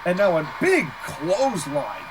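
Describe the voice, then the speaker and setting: A man calling a match play-by-play in casual style, excitable, laughing easily and exclaiming at big moves. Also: sits high, unhurried, background noise. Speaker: play-by-play commentator.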